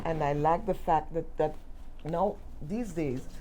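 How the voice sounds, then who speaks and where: A woman's voice: sits low, a little slow, dark tone, a little hiss or hum, low-quality recording. A middle-aged woman co-hosting a podcast, chatting casually and telling stories with emphatic repeats. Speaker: podcast co-host. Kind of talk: casual chat.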